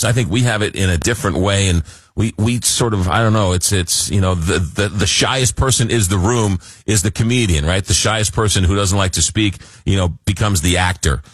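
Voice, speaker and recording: An American talk show host with a fairly low voice rambles through his questions and thoughts, stopping and restarting often. The recording is dry and close. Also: moderate pace, no room sound. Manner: rambling, many fillers and restarts. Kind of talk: interview talk.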